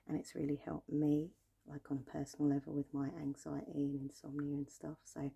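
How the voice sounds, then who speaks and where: Woman, casual ASMR chat, low flat voice, husky and breathy. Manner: soft, chatty, repeats trigger words. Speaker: ASMR creator. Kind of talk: casual whispered talk to camera.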